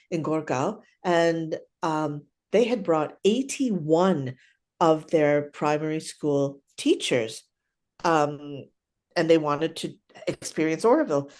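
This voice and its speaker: Low-voiced older woman telling stories. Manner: animated, chatty, keeps adding "right?". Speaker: clown teacher and guest. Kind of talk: casual storytelling interview.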